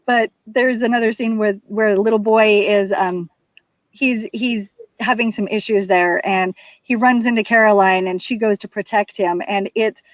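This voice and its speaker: A woman author telling scenes from her book in casual chat, animated and full of restarts. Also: mid-range voice, normal speed, no echo, rough recording. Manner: animated retelling with restarts and repeats. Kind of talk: casual chat about writing.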